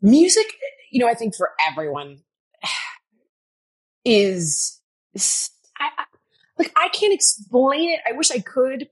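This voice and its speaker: A woman's voice: fairly high pitch, takes it slowly, pauses often, breathy edge. A middle-aged woman telling stories as a guest in a casual interview, acting out quotes and swearing freely. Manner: animated storyteller, acts out quotes, swears freely, laughs often. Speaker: guest, fitness personality.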